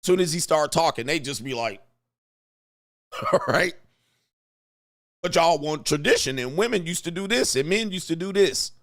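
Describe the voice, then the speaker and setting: Profane, animated man hosting commentary. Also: on the high side, moderate pace, pauses often. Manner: profane, animated, acts out quotes. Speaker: host. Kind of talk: commentary vlog.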